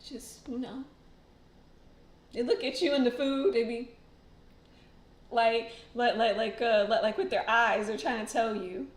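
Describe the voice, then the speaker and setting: A woman's voice: on the high side, fairly even intonation, unhurried, pauses often, reverberant. A woman hosting a casual livestream, chatting. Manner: chatty, rambling, many fillers and laughs. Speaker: tarot channel host.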